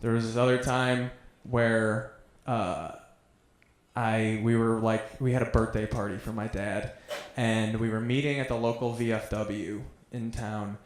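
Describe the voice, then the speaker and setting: A man's voice: on the low side, steady tone, measured pace. A man doing a stand-up set, telling crude stories in a conversational way. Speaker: stand-up comedian. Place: comedy club stage. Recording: roomy club sound.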